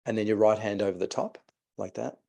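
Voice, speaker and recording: A man's voice: on the low side, fairly even intonation, brisk, creaky, a little mellow. A man, a mindset coach telling a client story and guiding a breathing exercise. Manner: storytelling, re-enacts conversations.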